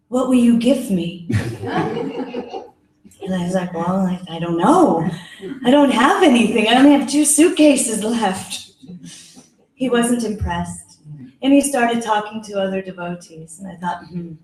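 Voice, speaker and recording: A woman's voice: a little high, moderate pace, long pauses. A woman telling a personal story at a kirtan gathering, acting out the quoted voices and laughing often. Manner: animated, acts out quoted dialogue, laughs often. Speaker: kirtan leader. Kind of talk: storytelling talk. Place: yoga center hall. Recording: echoey room.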